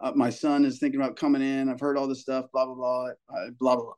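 A young adult man, a high school baseball coach, casually telling a story on a podcast, swearing and acting out the people in it. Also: quick pace. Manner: animated storyteller, swears, acts out quoted people.

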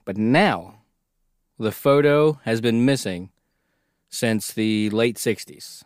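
A man's voice: on the low side, takes it slowly, smooth, no echo, studio quality. A man co-hosting a casual comedic chat, joking and reading a story aloud. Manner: joking, reads story aloud, laughs often. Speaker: podcast co-host.

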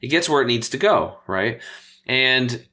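A man, a health coach and interview guest, telling stories in a casual, animated way and acting out the voices of people he quotes. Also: mid-range voice, measured pace.

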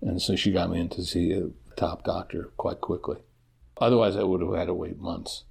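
A middle-aged man with a deep, gravelly voice speaks candidly as an interview guest. His husky tone comes through as he halts and restarts mid-sentence. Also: flat delivery, normal speed, darkish tone. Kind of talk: personal storytelling in an interview.

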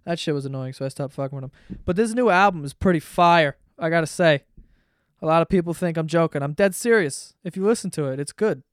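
A man's voice: on the high side, fairly quick, clean tone, no echo, clean studio sound. A man hosting a solo podcast in a casual comedic rant, profane, sarcastic and rambling. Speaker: podcast host.

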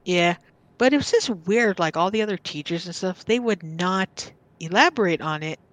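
A woman's voice: lowish voice, animated, moderate pace. A woman guest casually telling a true story from her childhood, rambling with lots of fillers and acting out what others said. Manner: rambling, filler-heavy, acts out quoted voices.

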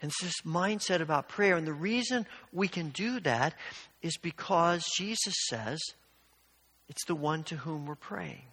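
An older male pastor preaching a sermon. His voice is bright and sits a little high, and he tells stories in a conversational, earnest way. The sound carries a long reverb, as in a large hall. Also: lively intonation, a little slow, slightly rough.

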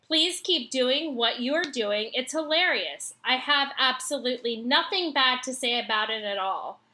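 A woman with a high, bright voice reads listener emails aloud on a podcast. She takes her time and giggles lightly along the way. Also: expressive. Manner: slow, careful reading with giggles. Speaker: podcast co-host reading listener mail.

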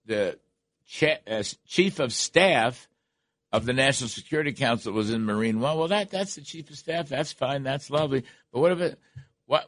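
A man's voice: mid-range voice, a bit bright, no room sound. An older man hosting a talk radio show, delivering emphatic, repetitive political commentary from a studio. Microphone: studio microphone.

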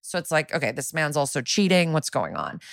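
A woman co-hosts a casual podcast and recaps a TV episode with a sarcastic edge. Her voice sits a little low. She acts out quotes in playful voices, and the recording sounds close and dry. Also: sing-song, fairly quick, vocal fry, dry recording. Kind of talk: casual chat.

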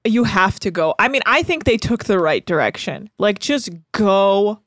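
A woman co-hosting a podcast in an animated, playful chat, often laughing. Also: mid-range voice, moderate pace, dry recording. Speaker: podcast co-host and producer. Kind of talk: casual chat.

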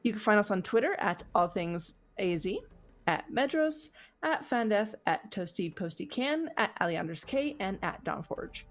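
A woman co-hosting a casual gaming podcast, bubbly and quick to laugh. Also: medium pitch, expressive. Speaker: podcast co-host.

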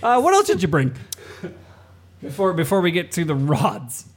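Teasing, swearing podcast host. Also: male voice, sits high, wildly swooping pitch, normal speed. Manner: teasing, swears a lot, laughs often. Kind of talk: casual chat.

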